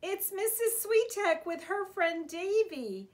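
A woman's voice: very high voice, expressive, takes it slowly. A woman, a preschool teacher, reading a picture book aloud to young children in a sing-song storytime manner.

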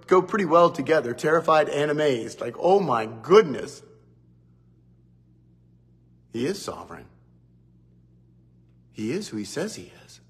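A man giving a devotional Bible teaching, animated, who often acts out quotes. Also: on the high side. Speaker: preacher.

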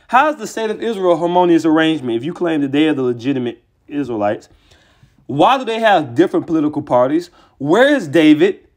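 Guy preaching online, worked up and combative, slightly high voice, trash-talks opponents between bible verses. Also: a little fast. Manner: combative and excitable, taunting opponents with profanity; reads scripture aloud and stops to comment. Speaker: religious teacher. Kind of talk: heated online scripture teaching.

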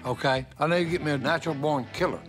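This reality show cast member, an older man with a Southern drawl, talks fast in a slightly high voice. He trades casual, folksy banter, scolds his dog, and makes asides to the camera while music plays behind him.

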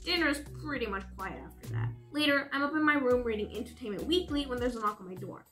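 Animated young woman reading a story. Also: on the high side, fast, faint music behind. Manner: animated, playful. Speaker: reader. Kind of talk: first-person story reading.

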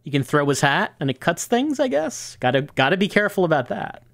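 A man's voice: fairly high pitch, very animated, brisk, gravelly, fairly bright tone, no echo. A man streaming a video game, thinking aloud and musing hesitantly as he plays. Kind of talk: casual let's-play commentary.

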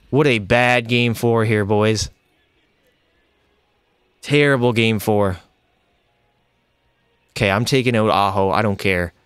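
Young guy streaming hockey game, smooth clear voice, dry close sound, gets worked up a lot. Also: lowish voice, no echo. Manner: excitable, frustrated, addresses chat as boys. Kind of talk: live gameplay commentary.

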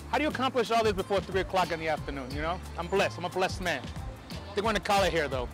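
A man from New York with a New York American accent, talking excitedly to camera in a casual vlog on a city street, swearing now and then. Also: high voice, fast talker, music in the background. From New York, USA. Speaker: film photography vlogger.

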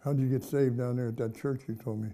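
A man's voice: mid-range voice, steady tone, fast talker, warm tone. A man hosting an interview, prompting his guest with questions and stammering restarts. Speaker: host.

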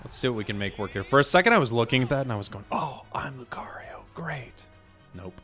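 A man hosting a gaming video, chatting casually about his matches and bursting into loud excitement at big plays. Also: mid-range voice, very fast, faint music behind. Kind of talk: casual gameplay commentary.

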